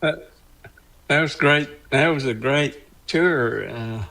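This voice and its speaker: Older male guest; modest, brief, slow delivery; average pitch. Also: vocal fry, pushed and bright. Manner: modest, brief, unhurried replies. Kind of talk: casual chat.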